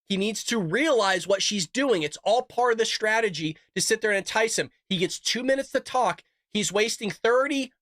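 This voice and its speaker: A man hosting a live political reaction show, ranting heatedly and swearing as he shouts his frustration. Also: sits high, dry recording, clean studio sound. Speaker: political commentary host.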